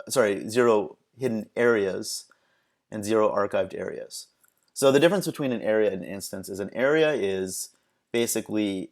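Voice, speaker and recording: A man presenting a screen-recorded software tutorial, talking casually and haltingly with many ums and restarts. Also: fairly low pitch.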